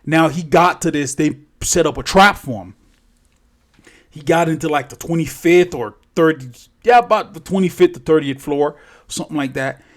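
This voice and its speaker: A man's voice: fairly high pitch, normal speed. A man telling a story off the cuff, rambling and swearing freely, often correcting himself along the way. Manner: profane, rambling, self-correcting. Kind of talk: casual spoken storytelling.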